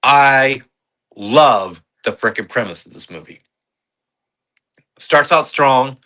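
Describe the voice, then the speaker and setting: A man co-hosting a podcast, reviewing movies in casual, excitable chat, swearing freely and rambling with fillers. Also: medium pitch, takes it slowly. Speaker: podcast co-host.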